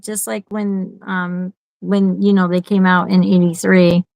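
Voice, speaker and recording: A woman guest in a casual chat, friendly and encouraging, with halting speech. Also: lowish voice, level tone, gravelly, a little mellow, no room sound, poor audio. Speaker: guest collector.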